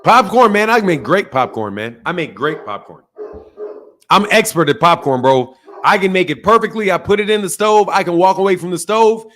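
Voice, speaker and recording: A man's voice: high voice, expressive, normal speed, fairly bright tone. A man hosting a boxing channel who chats loosely and jokes with his viewers, using plenty of slang and laughing often. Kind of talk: casual livestream chat.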